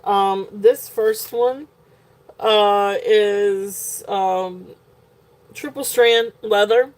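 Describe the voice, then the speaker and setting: Speaking very slowly in a medium-pitched, darkish voice with fairly even intonation, a woman with a southern Virginia twang hosts a live jewelry sale from a home shop setting. Her live-stream sales chat rambles along, packed with fillers and giggly asides.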